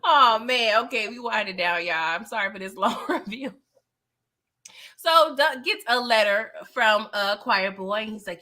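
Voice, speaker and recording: A channel host runs a live movie review chat, her voice a little high and her pace normal. She retells scenes with animated emphasis, performing the characters' lines herself and laughing often.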